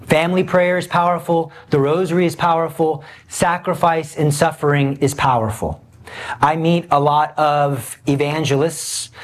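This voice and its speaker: Earnest male Catholic preacher. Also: fairly high pitch. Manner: earnest, emphatic preaching with rhetorical questions. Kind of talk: sermon.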